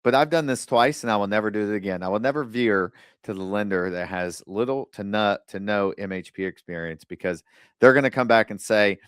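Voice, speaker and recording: A man hosting a podcast, giving casual advice in a blunt, animated way with the odd curse word, acting out other people's lines in quick asides. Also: on the low side, smooth, no echo, studio quality. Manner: blunt, animated storytelling with occasional swearing. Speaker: podcast host.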